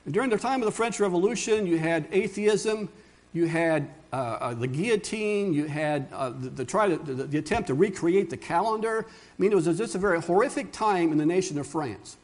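High-voiced male preacher. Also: animated, a little fast. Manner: conversational, earnest, with restarts and asides. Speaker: pastor. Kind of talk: sermon.

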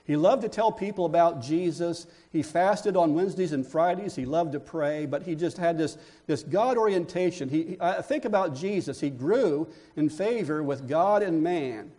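High-voiced man preaching a sermon. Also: moderate pace, few pauses, warm tone. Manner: preaching with emphatic repetition. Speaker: pastor.

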